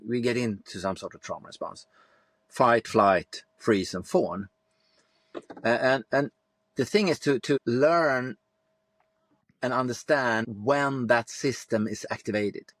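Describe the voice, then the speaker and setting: A man's voice: mid-range voice, a bit bright, no room sound. Plain-spoken man, dry sound. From Sweden. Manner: reflective, plain-spoken, swears casually. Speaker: guest. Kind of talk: podcast interview.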